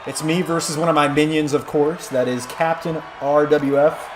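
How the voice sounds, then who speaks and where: A man's voice: fairly high pitch, normal speed, noisy background. A man commentating a wrestling video game on a live stream, rambling and joking through the play-by-play. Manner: rambling, jokey, excitable play-by-play.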